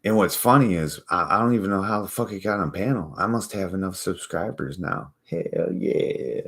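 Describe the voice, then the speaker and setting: Casting: very low-voiced man, casual profane ranter, mocks others in retold quotes. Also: a little fast, fairly bright tone. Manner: profane, mocking, rambling storytelling. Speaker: channel host. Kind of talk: casual rant to camera.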